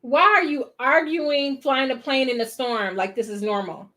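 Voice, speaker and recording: Woman, reaction host; higher-pitched, rambling, disbelieving commentary on a film. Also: moderate pace, a bit bright. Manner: talks back at the screen in disbelief; chatty, rambling, with trailing restarts. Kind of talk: casual watch-along commentary.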